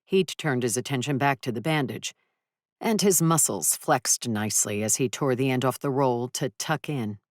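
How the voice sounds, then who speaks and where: Low-voiced female audiobook narrator, measured and dry, close studio sound with no room. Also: dry recording. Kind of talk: scripted first-person narration.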